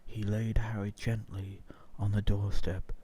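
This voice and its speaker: Low, slow, dry-voiced man, soft and half-whispered for an ASMR story reading. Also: flat delivery, slightly rough. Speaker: reader.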